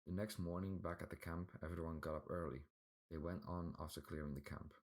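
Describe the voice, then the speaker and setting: A man reading a fantasy audiobook aloud with a remarkably deep, low voice. His reading is plain and even, scene by scene. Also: a little fast. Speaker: audiobook narrator. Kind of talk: scripted storybook narration.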